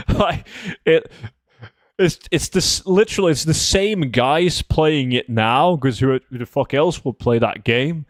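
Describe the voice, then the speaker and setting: A man's voice: fairly high pitch, slow, no room sound, studio quality. A young man streaming a game, chatting casually with viewers and reading their chat messages in a loose, profane, rambling way.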